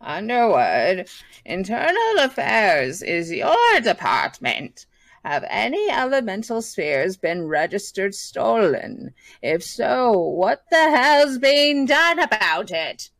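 A woman's voice: high-pitched, sing-song, takes it slowly, few pauses, no room sound, pitched above the performer's own voice, heavily acted. A woman voicing a whining, white-haired old male magician who demands answers. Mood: demanding.

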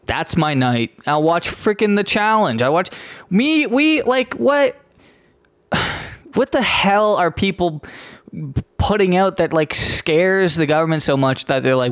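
A young man from Canada rambles through a profane, sarcastic rant, often stopping and restarting. His voice runs high for a man. The recording is dry and close. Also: clear, resonant tone, no room sound. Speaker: podcast host. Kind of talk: casual ranting monologue.

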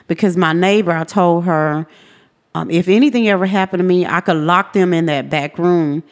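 A woman with a fairly low voice, speaking at normal speed, gives her personal testimony as a podcast guest. She tells it earnestly, performing the voices of the people involved, and the recording carries a long hall reverb.

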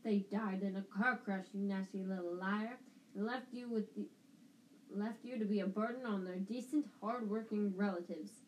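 A woman's voice: medium pitch, fairly even intonation, slight background noise, lightly acted, poor audio. Woman putting on a blustering, boozy older aunt. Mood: furious. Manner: blustering, scornful, slow.

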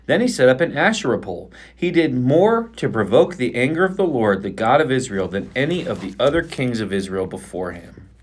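Man, pastor, podcast scripture reading, animated voice, expressive. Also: medium pitch, fairly quick, hardly any pauses, slightly rough. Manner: expressive reading aloud, playful banter. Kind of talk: podcast Bible reading and chat.

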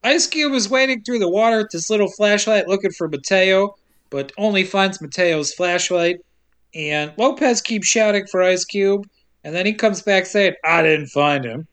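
A man with a smooth, slightly bright voice that sits high co-hosts a podcast. He recaps a movie in a casual, joking manner, laughing often and mimicking characters in quick asides.

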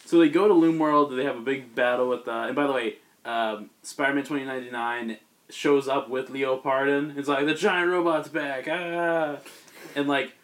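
Fairly quick and steady in tone, this male podcast host chats casually while retelling a comic book plot. His mid-range voice rambles on, and he performs the characters' lines himself.

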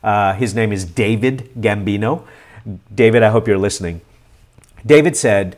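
A middle-aged man hosting a live-stream question session, talking in an earnest, animated and encouraging way. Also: fairly low pitch, moderate pace. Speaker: host.

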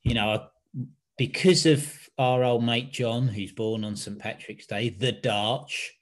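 Male podcast host, mid-pitched, blunt swearing banter. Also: fairly even intonation, a little slow. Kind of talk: casual chat.

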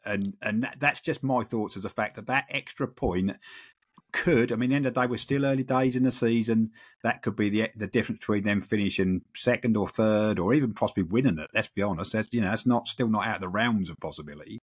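A low, husky-voiced man talking football in loose, rambling podcast chat. He circles back on his words and leans on "you know" and "end of the day". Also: a little fast. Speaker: podcast co-host.

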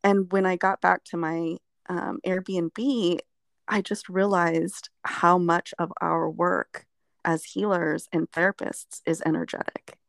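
A woman's voice: on the low side, fairly even intonation, slow pace, creaky, no room sound, studio quality. A woman therapist telling a reflective personal story in conversation, meandering with fillers. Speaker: therapist guest.

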